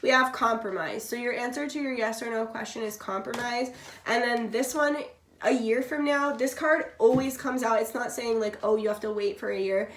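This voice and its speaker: A tarot reader whose voice sits on the high side talks at a moderate pace through a casual reading. She curses freely, speaks bluntly and chattily, and coughs from time to time while sick; the room is echoey with faint background noise.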